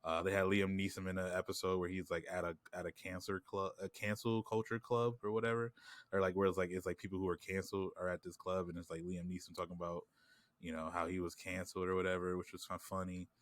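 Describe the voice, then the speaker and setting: Low and flat, his fast delivery comes through a dry recording as he co-hosts a podcast. He rambles in casual chat with a New York accent, full of "like" and "you know what I'm saying."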